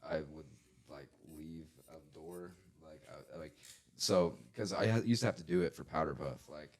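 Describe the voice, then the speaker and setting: Deep-voiced laid-back young man. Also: moderate pace. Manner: laid-back, laughs easily. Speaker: podcast co-host. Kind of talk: casual chat.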